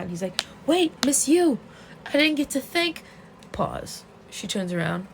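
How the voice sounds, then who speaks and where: A young woman vlogger casually recapping a comic plot, animated, swearing and laughing as she goes. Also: fairly low pitch, gravelly, noisy background. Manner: animated, profane, laughing storyteller.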